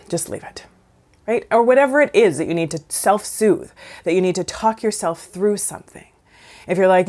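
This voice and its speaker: A woman counsellor explaining emotions in a conversational teaching talk, acting out inner voices with sudden pitch jumps. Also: a little fast, a little mellow.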